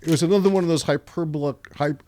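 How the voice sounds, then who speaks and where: An older man talking as a guest on a podcast, dry and musing, with a deadpan manner and frequent restarts. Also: a little high, very fast, no echo. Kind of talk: casual podcast conversation. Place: podcast studio.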